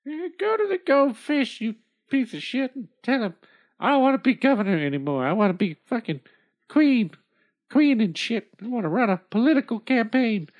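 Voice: mid-range voice, sing-song, normal speed, lo-fi sound, pitched above the performer's own voice. A performer voicing a greedy, domineering old woman who swears and barks orders, in a comic storybook reading. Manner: foul-mouthed, shouting orders. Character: greedy bossy old woman turned ruler.

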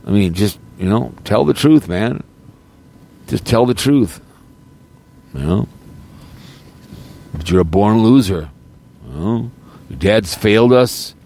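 A man's voice: on the low side, animated, slow pace, pauses often, a little mellow. A male streamer ranting in a monologue, firing repeated accusatory rhetorical questions. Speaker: streamer and podcast host.

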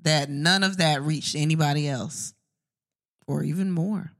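A woman's voice: deep voice, a little slow. A woman co-hosting a casual late-night podcast, joking loosely and reading off tour dates. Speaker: podcast co-host.

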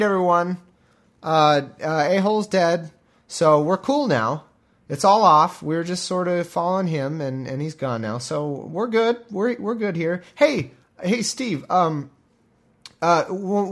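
A man voicing a nervous ancient soldier who awkwardly smooths things over in a high, overly casual voice. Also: darkish tone. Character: sheepish ancient male soldier, nervously backpedaling.

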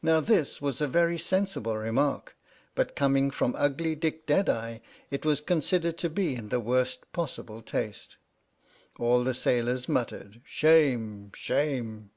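A man reading a storybook aloud as narrator, in a steady, wry storytelling manner. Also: medium pitch, moderate pace. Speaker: audiobook narrator. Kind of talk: scripted narration.

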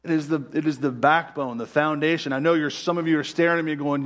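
A man preaching a sermon as pastor, stressing key words by slowing down and dropping frequent "right?" asides. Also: fairly high pitch, steady tone, a bit bright.

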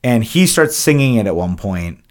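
A man's voice: lowish voice, big pitch swings, normal speed, a little mellow. A man co-hosting a podcast, casually and profanely retelling a film's plot. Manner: loose, profane retelling with acted-out quotes. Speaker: podcast co-host. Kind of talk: casual movie recap chat.

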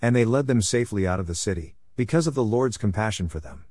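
Male scripture reader, measured, low, dry. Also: no room sound. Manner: steady, measured reading.

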